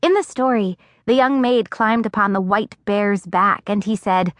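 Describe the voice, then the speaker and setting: A woman narrating a first-person audiobook in an expressive storytelling voice, recorded on a close studio mic. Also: mid-range voice, measured pace, hardly any pauses, dry recording. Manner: expressive, acting out dialogue.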